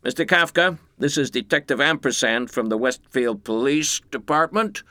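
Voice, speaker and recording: A man doing a brisk police detective leaving voicemail. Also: mid-range voice, bright, forceful tone, no room sound, natural voice. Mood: businesslike. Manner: official, businesslike.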